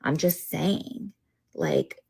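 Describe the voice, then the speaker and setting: A woman's voice: deep voice, sing-song, extremely slow, vocal fry, a little mellow, breathy edge. A woman reacting in a social media clip, drawling and profane, padding her speech with "like". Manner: drawling, filler-heavy, profane.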